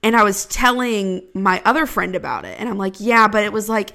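A woman's voice: mid-range voice, fairly quick, gravelly, pushed and bright. Joking woman in casual chat. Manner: reactive, laughs often, joking asides.

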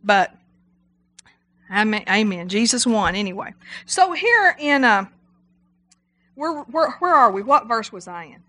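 A middle-aged woman preaching a sermon, animated and emphatic, repeating her exhortations. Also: a little high, unhurried, long pauses.

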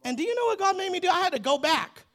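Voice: extremely high pitch, big pitch swings, racing, a bit bright. A preacher giving a sermon in a conversational, humorous storytelling manner and speaking straight to the congregation. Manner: addresses the congregation directly.

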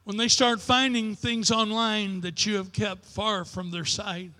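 An older man preaching a sermon as pastor, in a preacher's cadence that builds to shouted declarations. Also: sits high, level tone, unhurried, big-room sound. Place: church sanctuary.

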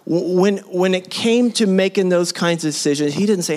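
Male pastor, forties, slightly high-pitched, lively conversational sermon with call-and-response. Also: moderate pace. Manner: animated, leads the congregation in call-and-response; conversational, with many restarts and asides.

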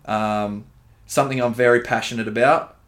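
Brief: Australian gym-owner podcast host, relaxed, swears a lot, calls everyone bro. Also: male voice, mid-range voice, normal speed. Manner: laid-back, swears freely, calls listeners dude and bro. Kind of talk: casual podcast chat.

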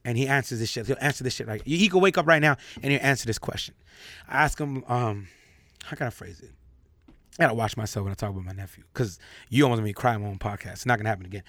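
A young man hosting a podcast in a loose, candid chat. He talks emphatically and repeats key phrases to drive them home. His voice is bright and forward, recorded dry and close. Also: mid-range voice, racing, no room sound. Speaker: podcast host. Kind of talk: casual chat.

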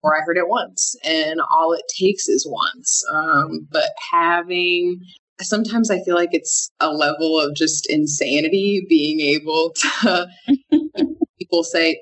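Young female founder, low voice, candid and halting interview guest. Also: fairly bright tone, rough recording. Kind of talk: casual interview answers.

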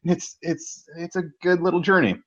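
A man co-hosting a podcast, telling a movie plot in a casual, animated way and swearing freely. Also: sits high, fairly quick, lo-fi sound. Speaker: podcast co-host. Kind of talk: casual movie recap chat.

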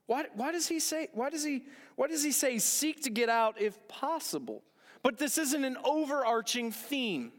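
High-voiced man preaching in an echoing hall. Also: very animated, moderate pace. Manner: earnest, repeats phrases for emphasis, asks rhetorical questions. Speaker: pastor. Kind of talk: sermon. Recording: long echoing hall reverb.

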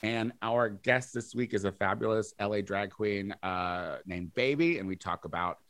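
A man co-hosting a podcast, teasing his friend and chatting casually, sometimes trailing off low. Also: moderate pace, no echo. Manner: teasing, animated, drops to low mumbles. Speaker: podcast co-host. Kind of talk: casual chat.

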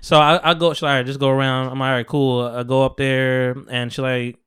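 A man's voice: mid-range voice, fairly quick, smooth, no room sound. A young man hosting a podcast, telling a story in casual chat and acting out the people in it. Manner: animated storyteller acting out quotes. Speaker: podcast host.

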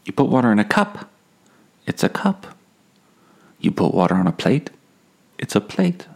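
A man putting on the voice of a calm male martial-arts sage, speaking in a slow, preachy sing-song. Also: lowish voice, gravelly, breathy edge, exaggerated voice.

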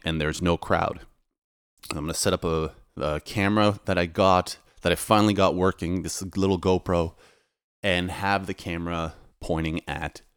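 A man's voice: deep voice, smooth, no echo, studio quality. A man, talking to camera in a loose, rambling monologue with lots of restarts. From Canada. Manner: rambling, relaxed, many restarts. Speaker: DJ and vlogger. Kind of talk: casual monologue.

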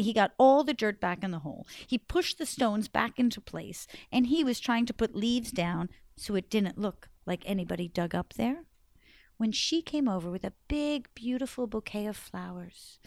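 A woman storyteller telling a folktale live to children, in a lively, animated way. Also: fairly high pitch, moderate pace, no room sound, clean studio sound.

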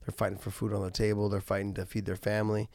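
Gravelly low-voiced man, earnest and halting. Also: monotone, a little mellow, dry recording. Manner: earnest, halting, many restarts and fillers. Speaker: podcast host and former fighter. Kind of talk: casual podcast talk.

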